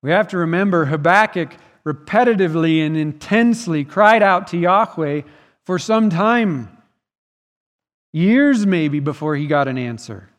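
A man's voice: on the high side, animated, a little slow. A man preaching a sermon as pastor, earnest and emphatic, his voice swelling and dropping in volume. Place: church sanctuary. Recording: long reverb of a church hall.

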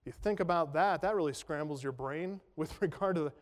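A pastor with a fairly high, brisk voice delivers an expository sermon in a conversational style, full of rhetorical questions and self-deprecating jokes. The recording carries the long reverb of a large hall.

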